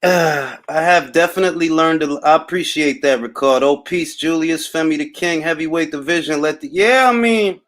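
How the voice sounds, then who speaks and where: A man's voice: on the high side, moderate pace, few pauses, a bit bright. A young man from Harlem with a New York accent, hosting a casual boxing talk livestream and reading out viewer comments in a laid-back, wry, drawling way. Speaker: boxing talk host reading live chat.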